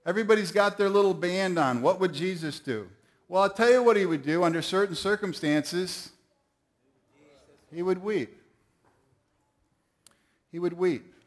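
A middle-aged man preaching a sermon, telling folksy stories and calling on the audience to answer. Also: on the high side. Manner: folksy storytelling, calls on the audience.

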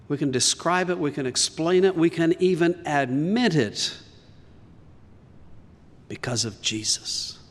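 A man's voice: medium pitch, big-room sound. A man preaching a sermon as pastor, earnest and emphatic, rising on key lines.

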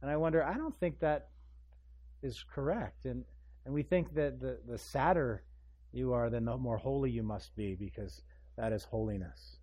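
Male pastor delivering a lively sermon, mid-range voice, swells in volume for emphasis and plays the characters he quotes. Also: mid-range voice, normal speed, highs cut off. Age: adult parent. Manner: animated, acts out scripture voices, rising emphasis.

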